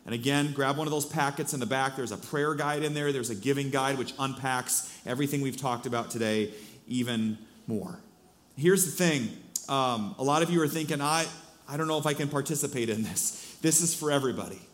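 A man's voice: mid-range voice, fairly quick. A male pastor preaching a sermon in a church, speaking conversationally with many fillers and restarts.

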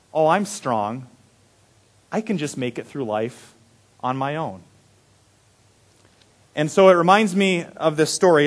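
A young adult man preaching, his voice sitting a little higher than most men's. He tells his story in an animated way, pushing loud on the busy parts and dropping to a hushed hush on the tender ones. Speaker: pastor. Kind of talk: sermon.

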